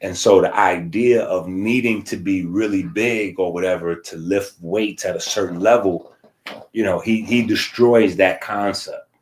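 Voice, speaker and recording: Lowish-voiced guy teaching class, chatty, tosses in "right?" constantly. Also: fairly even intonation, measured pace. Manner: checks in with constant "right?" tags; loose, conversational explaining with asides. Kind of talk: casual lecture.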